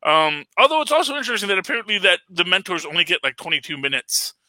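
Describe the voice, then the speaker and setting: Lively, bright-voiced man chatting about a film. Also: high-pitched, fast talker, dry recording. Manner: rambling, enthusiastic, laughs often, many fillers. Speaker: podcast host reviewing a film. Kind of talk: casual chat.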